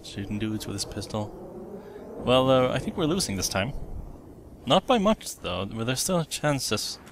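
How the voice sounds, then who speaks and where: A man chatting his way through a shooter game, rambling and correcting himself mid-thought. His voice sits at an everyday middle pitch. Loud gunfire and engine noise from the game play clearly under him. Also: sing-song, unhurried. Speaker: let's play commentator. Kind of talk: casual gameplay commentary. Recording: game audio behind voice, gunfire and vehicles. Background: game gunfire and explosions.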